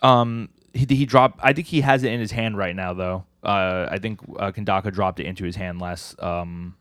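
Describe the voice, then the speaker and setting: Low-voiced man recapping comics casually. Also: steady tone, moderate pace, fairly bright tone, no room sound, studio quality. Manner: rambling, acts out character lines while retelling. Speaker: podcast co-host. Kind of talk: casual chat recapping manga chapters.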